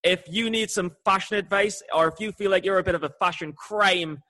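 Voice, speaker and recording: A man's voice: high-pitched, fairly quick, pushed and bright. A man co-hosting an interview in a playful, joking way. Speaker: co-host. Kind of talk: casual interview chat.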